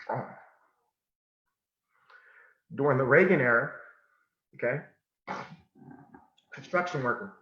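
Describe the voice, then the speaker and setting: A man from California giving a motivational talk, telling a personal story with emphasis and sudden drops to a hush. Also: medium pitch. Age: adult. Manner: emphatic, swinging from loud to hushed, repeats phrases. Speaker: motivational speaker. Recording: muffled sound in an echoey room.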